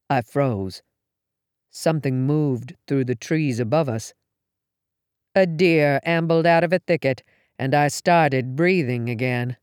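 A woman reads a first-person story aloud, taking her time and shaping each line dramatically. Her pitch rises and falls in a lively way. The sound is dry, with no room echo. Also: measured pace, clean tone. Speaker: audiobook reader.

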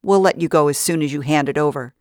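A woman's voice: low-pitched, quick pace, darkish tone, no echo, clean studio sound, lightly acted. A woman voicing a harsh, bossy female kidnapper in an audiobook, with a curt, commanding manner. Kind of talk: audiobook narration.

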